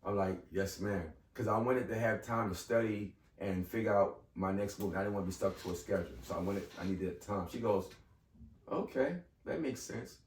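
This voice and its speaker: A man's voice: deep voice, fairly quick, hardly any pauses. A man in his fifties, a podcast guest, telling a personal story in casual conversation and acting out the voices of people in it. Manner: animated, acts out quoted voices. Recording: echoey room, mic far off.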